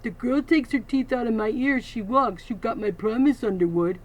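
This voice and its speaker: Woman voicing a big teen bully boy, storybook, grunting, whiny, loud. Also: on the high side, lively intonation, moderate pace, pitched above the performer's own voice, rough recording. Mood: pleading. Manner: grunting, whimpering.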